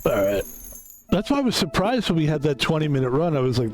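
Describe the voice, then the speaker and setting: Brief: casual male gamer, slightly higher voice, rambling, joking and swearing over gameplay. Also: big pitch swings, fast talker, a little mellow, faint music behind. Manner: loose, joking, swears a lot. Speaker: streamer.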